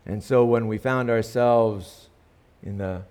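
A man's voice: fairly low pitch, fairly even intonation, slow, a little mellow, smooth. A male pastor praying earnestly and then telling a story in a sermon, with emphatic rises in his delivery.

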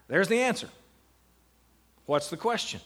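A man's voice: high-pitched, sing-song, measured pace, a bit bright. A middle-aged man giving a classroom lecture on Bible meditation, putting questions to his students and answering them. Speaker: seminary lecturer.

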